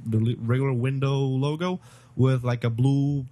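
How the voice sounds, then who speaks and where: A man co-hosting a casual tech podcast, trading quick, opinionated banter. His voice sits in the middle range and is recorded close and dry, with no room sound behind it. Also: medium pitch, steady tone, dark tone, dry recording. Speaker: podcast co-host.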